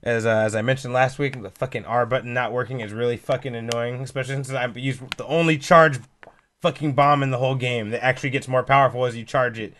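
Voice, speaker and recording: A man's voice: mid-range voice, steady tone, fast talker, fairly bright tone, slight background noise. A man co-hosting a casual podcast, reminiscing with enthusiasm and swearing casually. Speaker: podcast co-host. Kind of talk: casual chat.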